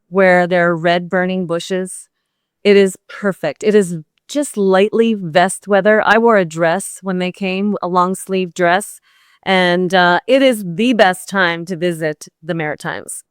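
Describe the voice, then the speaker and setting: A woman's voice: on the low side, a little slow, clear, resonant tone, no room sound, studio quality. A middle-aged woman from Canada, a golf pro and podcast guest, telling a story bluntly and with energy. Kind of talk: casual interview chat.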